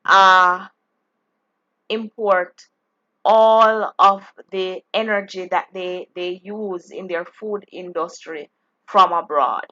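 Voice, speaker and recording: Slow, clear-voiced woman teaching geography. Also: fairly low pitch, steady tone, bright, forceful tone, muffled recording. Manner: slow, deliberate explaining with frequent restarts. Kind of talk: exam-prep lesson.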